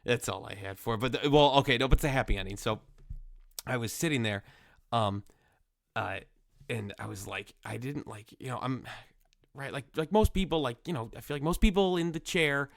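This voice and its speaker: A young man with a cold telling a rambling comic story, full of fillers, sometimes jumping into squeaky voices for the people he quotes. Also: fairly quick, gravelly, no echo, clean studio sound. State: nasal from a cold. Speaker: comedy podcast host.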